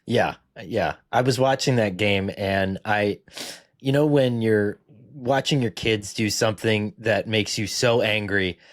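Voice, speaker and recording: A man's voice: fairly low pitch, unhurried. A man chatting casually on a sports podcast, telling rambling self-mocking stories with profanity. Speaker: guest football writer.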